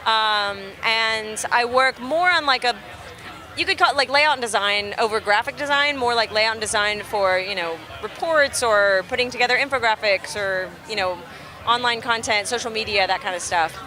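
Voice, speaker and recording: A woman's voice: on the high side, normal speed, bright, forceful tone. A young woman, a musician guest, chatting casually outdoors, laughing easily and full of fillers. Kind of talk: casual interview chat. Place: outdoors at a festival.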